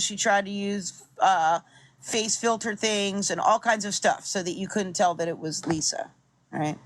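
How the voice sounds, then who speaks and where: A woman giving chatty, amused commentary on a video she is playing. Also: medium pitch. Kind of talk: casual commentary.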